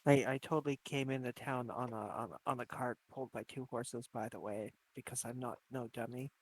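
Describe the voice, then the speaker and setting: A man's voice: medium pitch, steady tone, brisk. A man playing in a tabletop game, joking and boastful, swearing casually. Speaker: player.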